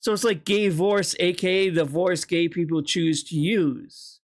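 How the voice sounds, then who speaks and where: A man's voice: high voice, unhurried. A man streaming live, reacting to video clips with blunt, casual commentary full of swearing and apologies.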